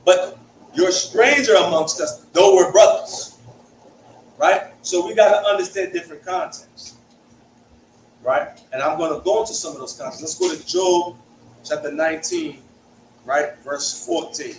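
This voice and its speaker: A man's voice: high voice, measured pace. A young man from Hartford with a Connecticut accent, teaching a Bible study in a conversational way, often checking in with "right?". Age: young adult. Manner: conversational, peppers points with "right?". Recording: echoey room, mic far off, faint hiss.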